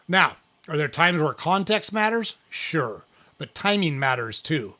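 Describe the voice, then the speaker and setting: A man's voice: on the high side, sing-song, a little slow, sharp tone. A middle-aged man hosting an advice talk, blunt and emphatic, who swears freely and repeats words for punch. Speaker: podcast host.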